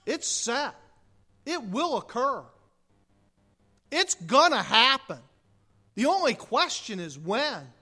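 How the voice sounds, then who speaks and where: A pastor preaching a dramatic sermon full of rhetorical questions, swinging from hushed tones to loud declarations. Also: medium pitch, big pitch swings, slow pace, pauses often.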